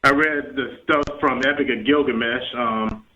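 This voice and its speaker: Halting man on a tinny phone line. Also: medium pitch, fairly even intonation, pushed and bright. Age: 30s. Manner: halting, with many restarts and fillers. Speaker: caller. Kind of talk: call-in chat.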